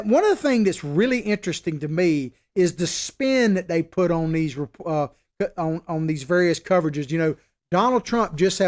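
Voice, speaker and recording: High-voiced emphatic male political host. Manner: opinionated, emphatic, conversational. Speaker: political talk show host. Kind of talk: casual political commentary.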